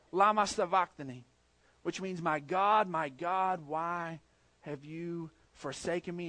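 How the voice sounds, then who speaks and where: Middle-aged male preacher, high tenor voice, dry close sound, lively storytelling that swings from loud punch to quiet hush. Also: no echo. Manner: animated storytelling, swinging from loud emphasis to hushed low tones. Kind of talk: sermon.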